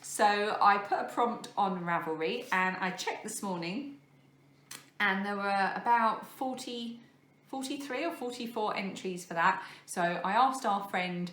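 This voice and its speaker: In an echoey room, a podcast host in her thirties shows off crafts to the camera in a relaxed, rambling chat full of fillers and jokes at her own expense. Her medium-pitched voice is a bit bright and a little slow.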